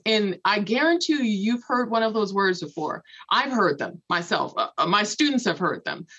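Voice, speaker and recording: A woman from Los Angeles speaks as a podcast guest and gives motivational advice. She talks in an earnest, emphatic way and comes back to the same key phrases again and again. Her voice is mid-pitched, and the recording sounds a little dull and muffled. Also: big pitch swings, moderate pace, few pauses, fairly bright tone, breathy edge. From Los Angeles, United States. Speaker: guest, author and former math professor. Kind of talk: motivational talk.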